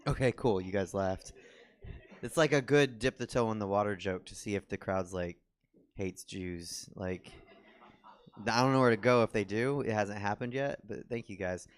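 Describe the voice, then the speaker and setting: A man's voice: lowish voice, moderate pace, clear, resonant tone. A young man doing a stand-up comedy set on a theater stage, rambling and self-deprecating with lots of ums and restarts.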